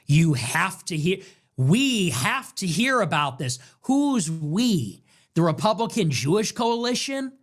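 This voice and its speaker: A man's voice: sits high, very animated, slow. A man hosting a political commentary show, combative and sarcastic, firing off one rhetorical question after another.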